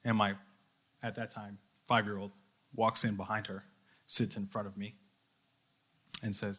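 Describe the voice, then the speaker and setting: A youth leader preaching to young people, a man with a somewhat low but bright, forceful voice. He tells his story earnestly and voices his own inner thoughts as he goes. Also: flat delivery, unhurried, long pauses, breathy edge. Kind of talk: sermon.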